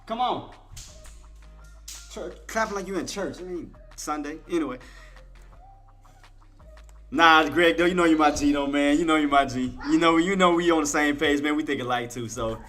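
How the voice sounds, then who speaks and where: A man's voice: a little high, normal speed, pauses often, bright, forceful tone, soft background music. A man hosting a day-trading live stream, chatting casually and teasing playfully, laughing often.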